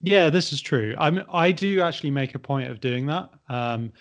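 A man's voice: a little high, animated, moderate pace, lo-fi sound. A British man in a casual educational chat, agreeing readily and answering with dry humour. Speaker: podcast co-host.

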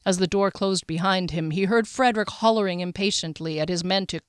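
A woman narrating a fantasy audiobook in a measured, even storytelling manner. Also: on the low side, clean tone, dry recording, studio quality.

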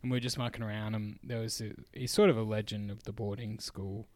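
A man's voice: fairly low pitch, fast, no echo. A young man with an Australian accent, co-hosting a casual chat and telling a story full of laughs and acted-out quotes. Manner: laughing, animated storyteller who acts out quotes. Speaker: podcast co-host. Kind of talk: casual storytelling among friends.

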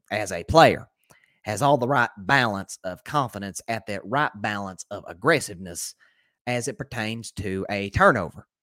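Man doing a low-voiced, slow-talking team owner impression; halting, self-assured ramble. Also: a bit bright, no echo, clean studio sound, close to an everyday voice.

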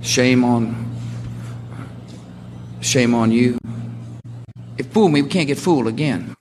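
A man's voice: mid-range voice, takes it slowly, a little mellow, long reverb tail, a little hiss or hum, natural voice. A man voicing a fumbling middle-aged politician, stumbling over his words. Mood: folksy. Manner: folksy, stumbling over a proverb.

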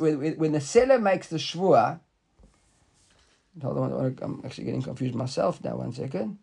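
A man's voice: high voice, darkish tone. A man teaching a Talmud class in a conversational way, often repeating words and asking the students questions.

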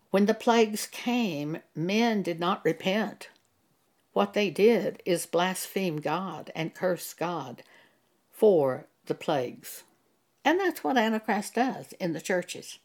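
A woman's voice: fairly low pitch, darkish tone. A woman preaching a sermon in an earnest manner, reading scripture aloud in old-fashioned wording. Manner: slow, earnest, reads scripture aloud in King James wording. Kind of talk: sermon monologue.

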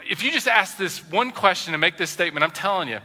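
A male pastor preaches with lively, swooping pitch and a very bright, forceful tone. He acts out quoted voices and drops between loud and soft passages. His voice rings in a long church reverb. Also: fast talker. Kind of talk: sermon. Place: church sanctuary.

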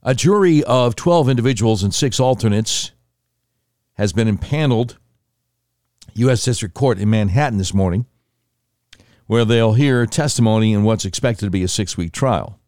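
A man's voice: fairly low pitch, animated, normal speed, pauses often, darkish tone, no room sound, clean studio sound. Sardonic male news commentary host. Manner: conversational, sarcastic asides, self-correcting. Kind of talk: casual news commentary reading articles.

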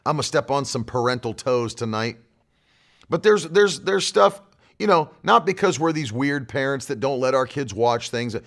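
A man's voice: medium pitch, expressive, normal speed. A male pastor preaching a fiery sermon to an online audience, hammering home his points by repeating them. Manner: emphatic, repeats key phrases.

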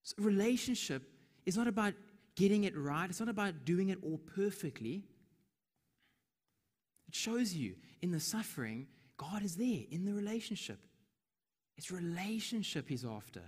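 Preacher, man, slightly high voice, conversational sermon, long hall reverb. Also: very animated, moderate pace, pauses often, breathy edge. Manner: conversational, acts out quoted lines in a soft whisper.

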